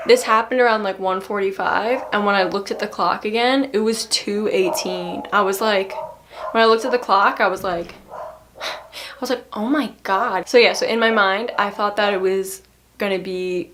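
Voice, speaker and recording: A young woman vlogger casually telling a personal story, chatty and laughing, acting out other people's lines in a higher voice. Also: fairly bright tone, a little hiss or hum.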